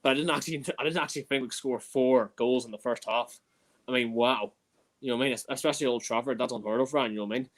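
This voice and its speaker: A man's voice: mid-range voice, fast. A man appearing as a guest fan pundit in a casual post-match chat, buzzing and rambling with many fillers.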